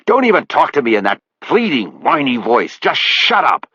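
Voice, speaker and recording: A man's voice: fairly low pitch, very animated, moderate pace, fairly bright tone, slightly rough, dry recording, lo-fi sound, voice pushed up, full character voice. A male narrator playing a retired investigator who speaks bluntly and angrily to a partner who betrayed him. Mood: angry. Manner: blunt, cold, angry.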